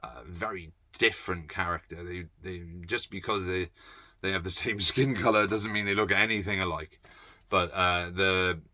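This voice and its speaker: A man with a very low voice that still cuts through with a bright, forceful edge. He rambles casually about films, blunt and sweary, dropping plenty of ums and uhs. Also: steady tone, moderate pace, a little hiss or hum. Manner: blunt, sweary, off-the-cuff with many fillers. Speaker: movie collector vlogger.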